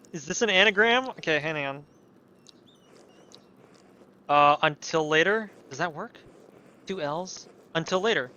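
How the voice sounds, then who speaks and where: A game streamer muses slowly through puzzles and dialogue, dropping the occasional curse. His voice is bright and sits a bit high for a man. The talk is loose and unscripted. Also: expressive, dry recording, dull audio. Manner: thinking aloud, swearing, laughing at the game. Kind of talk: let's play commentary.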